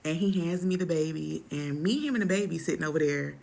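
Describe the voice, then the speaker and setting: Young woman vlogger, lowish gravelly voice, lively slangy storytime delivery. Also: fast talker. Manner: animated, dramatic retelling with slang. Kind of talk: casual storytime chat.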